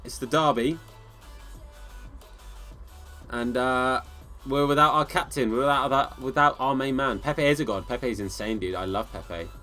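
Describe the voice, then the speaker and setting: A man's voice: medium pitch, moderate pace, sharp tone, faint music behind. Casual English streamer man chatting. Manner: casual, friendly, calls viewers bro and mate. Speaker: gaming streamer. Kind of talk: live game commentary and chat replies.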